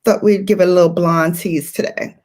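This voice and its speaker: A woman's voice: lowish voice, steady tone, fairly quick, darkish tone. A woman hosting a beauty livestream, chatting playfully and greeting viewers by name. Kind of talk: casual livestream chat.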